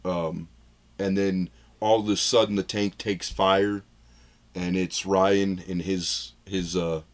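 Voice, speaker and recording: A man's voice: low-pitched, level tone, takes it slowly. A man co-hosting a film review podcast, talking in a loose, rambling way, acting out lines he retells and laughing at his own jokes. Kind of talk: casual chat.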